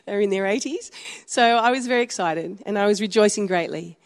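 A woman's voice: mid-range voice, fairly quick. Australian woman pastor, echoing hall. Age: 50s. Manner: warm storytelling, conversational with frequent chuckles. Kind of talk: sermon. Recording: long hall reverb.

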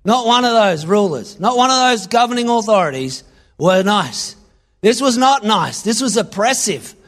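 A man preaching a sermon, reading scripture aloud and acting out lines with sudden loud bursts. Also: sits high, animated, moderate pace. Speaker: pastor.

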